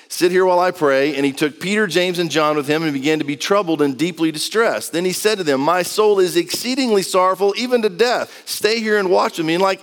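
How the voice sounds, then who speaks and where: Earnest man preaching in a reverberant hall. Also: a little high. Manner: conversational, earnest preaching with acted-out quotes. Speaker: pastor. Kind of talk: sermon.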